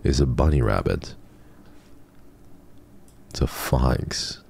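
A man's voice: very deep voice, animated, slow pace, gravelly, darkish tone, slight background noise. A man streaming a horror game, chatting jokily with his viewers and reading the game's text aloud. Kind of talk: casual let's-play chat.

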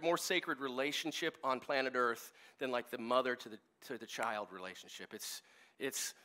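Male pastor, 40s, high-pitched, casual storytelling sermon. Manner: casual, animated, many fillers and restarts. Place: church service.

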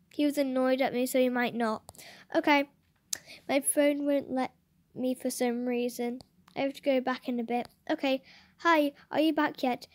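Host reading chat messages; female, unhurried, giggly, dry close sound. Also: high-pitched, dry recording. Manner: giggly, chatty read-aloud with bursts of laughter. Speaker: channel host.

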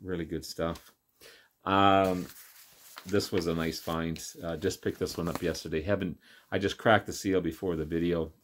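A man casually showing and talking through records he picked up, relaxed and rambling with many ums and uhs. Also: low voice, moderate pace, a little hiss or hum. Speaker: vinyl collector vlogger. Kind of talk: casual record show-and-tell.

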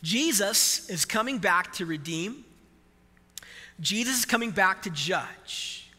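A man preaching a sermon as pastor to a live congregation, animated and emphatic, quizzing the church. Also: high-pitched, takes it slowly, big-room sound.

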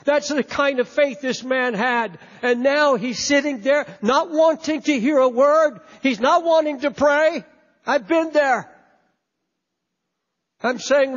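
Preacher, male, very high voice, fervent sermon delivery, dull lo-fi hall recording. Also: slow. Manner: impassioned, emphatic, repeats words. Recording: echoey hall, dull lo-fi sound.

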